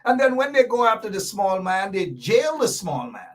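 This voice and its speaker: A man's voice: high voice, sing-song, normal speed, distant mic. A man hosting a commentary show, talking emphatically, repeating his points and throwing in sarcastic asides. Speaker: host. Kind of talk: animated political commentary show.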